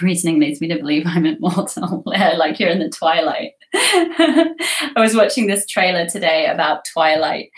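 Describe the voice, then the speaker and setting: A young woman hosting a casual livestream, chatting and giggling as she reads viewer comments. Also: on the low side. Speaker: livestream host. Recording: roomy echo.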